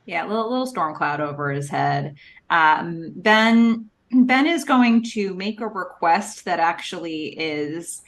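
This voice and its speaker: A woman's voice: lowish voice, animated, a little slow. Playful woman co-hosting a podcast. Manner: playful, jumps into exaggerated character quotes. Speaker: podcast co-host. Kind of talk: casual recap chat.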